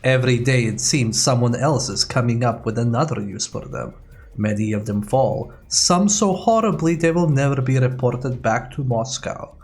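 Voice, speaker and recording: A man's voice: mid-range voice, normal speed, darkish tone, close to an everyday voice. A man doing a put-on Russian accent, voicing a Soviet male lab scientist who reads his notes aloud in a hammy, theatrical way. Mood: grandiose.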